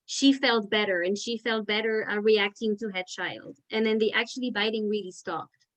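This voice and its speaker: A woman's voice: medium pitch, rough recording. A woman teacher leading a parent education session over a video call, talking in a chatty, filler-heavy way. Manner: chatty, with many "like" fillers and restarts. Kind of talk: casual explanatory talk.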